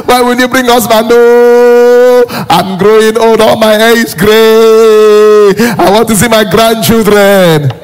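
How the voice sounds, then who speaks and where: A male pastor voicing a wailing elderly mother who pleads in a high, sing-song voice. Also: steady tone, slow, few pauses, a little mellow, clean tone.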